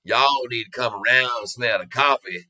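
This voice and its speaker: A man's voice: medium pitch, moderate pace, pushed and bright, poor audio. A man putting on a folksy Southern country drawl. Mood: teasing. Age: older. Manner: folksy drawl with slangy grammar.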